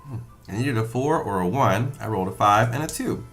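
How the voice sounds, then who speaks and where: Lively, self-mocking man playing a board game. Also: mid-range voice, a little fast, soft background music. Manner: self-mocking, thinks aloud, laughs often. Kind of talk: casual chat while playing a board game.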